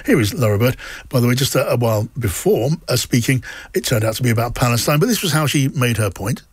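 A man's voice: medium pitch, lively intonation, fast, breathy edge, dry recording. A man from South London hosting a radio talk show, chatty and self-deprecating. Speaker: host.

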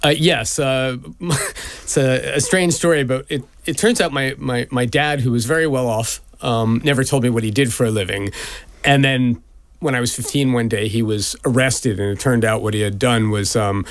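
A man's voice: medium pitch, steady tone, moderate pace, no room sound. A man in his fifties from the United States, a guest in a radio interview, telling stories candidly with many fillers and restarts. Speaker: guest, lawyer and businessman.

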